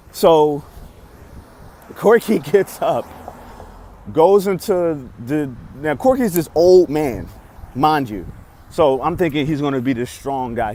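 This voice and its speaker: Young man vlogger, expressive storyteller, mid pitch, faint street noise outside. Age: young adult. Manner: excitable, swings loud and soft, acts out lines. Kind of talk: animated storytelling.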